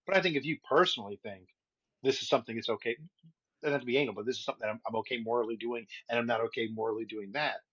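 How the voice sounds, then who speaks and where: A man's voice: mid-range voice, racing, fairly bright tone, breathy edge, no echo, muffled recording. A man co-hosting a podcast in casual chat, blunt and crude with a jokey edge. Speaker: podcast co-host. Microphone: remote call setup.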